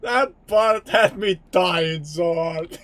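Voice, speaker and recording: A man's voice: high-pitched, slow pace, a bit bright, no echo. A male streamer chatting casually during a game, often breaking into laughter. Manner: giggly, keeps breaking into laughter.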